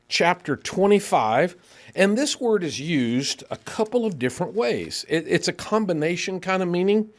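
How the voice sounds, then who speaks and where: A man preaching in a church, teaching a Bible class and reading scripture aloud, animated and speeding up when excited. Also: fairly high pitch.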